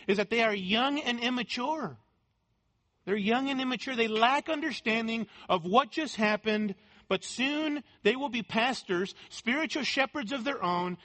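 A man's voice: high voice, fairly bright tone. A man preaching an expository sermon, speaking in short emphatic phrases and repeating key words for weight. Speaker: pastor.

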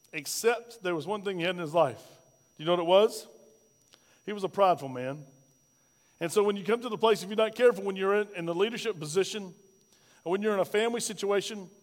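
A man's voice: high voice, in a large hall. A male pastor preaching a sermon, asking the congregation rhetorical questions and telling a personal story.

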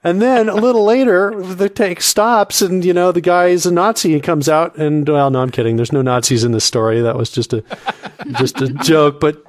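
Man, comic storyteller, rambling, excitable, somewhat high-pitched, dry sound. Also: normal speed, dry recording. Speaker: comedy podcast regular.

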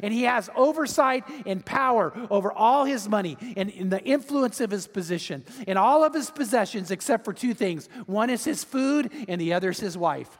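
A high-voiced man preaching to his congregation, his words ringing out in a reverberant hall. He tells the story with animated, lively delivery, often slipping into the voices of the people he quotes. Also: moderate pace, hardly any pauses. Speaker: pastor. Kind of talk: sermon.

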